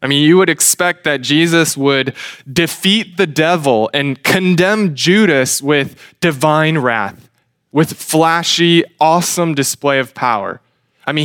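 A man's voice: on the high side, a bit bright, clear, resonant tone, no room sound, clean studio sound. A man preaching a sermon in an earnest, emphatic way, asking rhetorical questions. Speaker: pastor.

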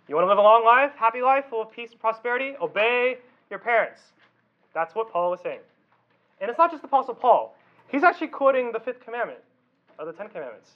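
A man with a high voice gives a youth sermon in a loose, talky way. He keeps checking in with the listeners through questions. The sound is a little dull and lo-fi. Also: sing-song, fast talker. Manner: conversational, asks the audience questions. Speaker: youth pastor.

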